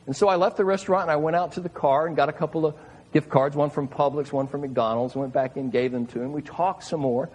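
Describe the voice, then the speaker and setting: A man's voice: fairly high pitch, steady tone, fast, a little mellow, husky, low-quality recording. A man preaching a sermon, retelling scripture in an earnest, emphatic way with repeated phrases. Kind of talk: sermon reading and explaining scripture.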